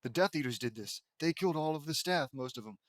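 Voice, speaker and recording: A man's voice: a little high, lively intonation, fast, no room sound, close to an everyday voice. A man reading the lines of a know-it-all teenage girl in a fan story, in his own plain, dry voice. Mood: grim.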